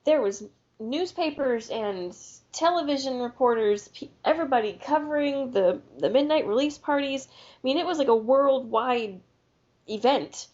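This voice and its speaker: A woman's voice: sits high, expressive, normal speed, a little mellow. A woman co-hosting a podcast, telling a story in a rambling, casual way with restarts. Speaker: podcast co-host. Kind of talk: casual chat. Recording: lo-fi podcast audio.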